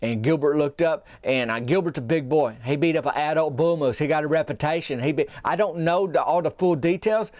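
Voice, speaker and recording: A man telling a rambling comic tall tale as a podcast host, folksy and meandering with deadpan asides. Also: fairly high pitch, a little fast, hardly any pauses, no echo.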